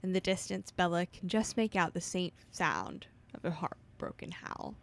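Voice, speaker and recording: A woman co-hosting a podcast, retelling a novel's plot in steady narration with short reactions to her co-host. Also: lowish voice, creaky. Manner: steady storytelling recap with quick reactions. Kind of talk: casual chat and book recap.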